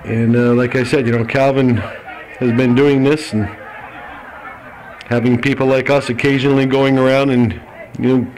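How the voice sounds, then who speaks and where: A man's voice: medium pitch, little pitch movement, normal speed, pauses often, darkish tone, some chatter behind. Man, color commentator, casual, easygoing, noisy outdoor field. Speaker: color commentator and camera operator. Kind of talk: local sports commentary.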